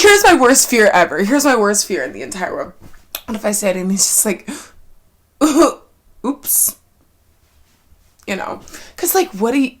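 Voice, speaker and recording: A young woman rambling to herself in a casual solo vlog, candid and loose, full of "like" fillers, swearing freely and sometimes dropping to a near-whisper. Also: mid-range voice. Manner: rambling and candid, swearing often, with frequent "like" fillers and sudden laughs; drops to a near-whisper when reflective. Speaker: vlogger.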